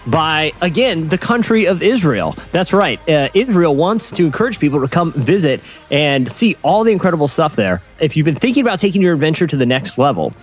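A man filling in as podcast host, chatting casually and reading a sponsor spot with halting fillers and self-deprecating humor. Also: on the high side, big pitch swings, breathy edge, faint music behind. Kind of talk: casual chat and ad read.

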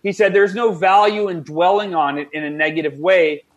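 A man in his forties tells a personal story as a podcast guest, moving fast and eagerly. His voice sits a little high for a man. He slips quoted voices into his account as he goes. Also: steady tone. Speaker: guest author. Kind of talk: storytelling interview.

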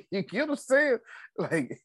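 Laughing man coaching a group, swings way up and down, husky, dry sound. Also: very high voice, no room sound. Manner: lively, playful, laughs often. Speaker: host of a finance coaching call.

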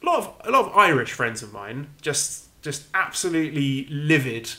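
A man's voice: fairly high pitch, big pitch swings, moderate pace, bright, forceful tone. An English man co-hosting a podcast in casual chat, chatty and self-deprecating, restarting his sentences often. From England. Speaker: podcast co-host.

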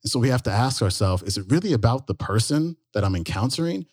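A man's voice: mid-range voice, lively intonation, fast, a little mellow, no echo, studio quality. A man hosting a podcast, giving an earnest, reflective introduction to a recorded talk. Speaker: podcast host. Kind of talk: host introduction.

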